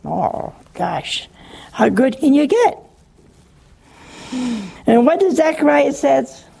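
A woman's voice: high-pitched, big pitch swings, slow, creaky, mellow. A woman preaching on scripture in a chatty, teasing way, acting out quotes and chuckling often. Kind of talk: humorous scripture teaching.

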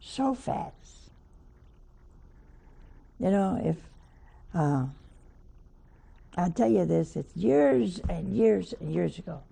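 A woman's voice: on the low side, animated, takes it slowly, gravelly, long pauses, dark tone, husky. An older woman, a nun, preaching a sermon by telling a homely story with wry asides.

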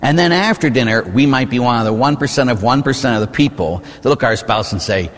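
A Catholic priest giving a sermon in a church, telling stories with lively asides and rhetorical questions like "huh?". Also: male voice, lowish voice, fairly quick, few pauses, in a large hall.

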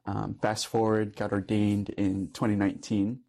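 A man's voice: on the low side, completely flat delivery, normal speed, warm tone. A young man, a Catholic priest, telling a personal story in earnest conversation and laughing often. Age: young adult.

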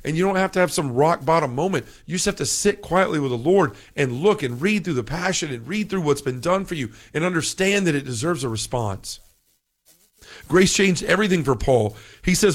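A man's voice: fairly high pitch, expressive, brisk. A man giving a fervent, preacher-like reflection on faith, repeating scripture lines. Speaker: podcast speaker.

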